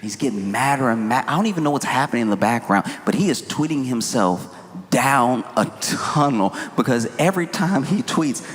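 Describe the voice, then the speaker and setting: Male stand-up host, animated, pitch leaping around, hall reverb with audible ambience. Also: moderate pace. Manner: animated, incredulous, swinging between shouts and mutters. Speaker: comedian host. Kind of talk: stand-up comedy.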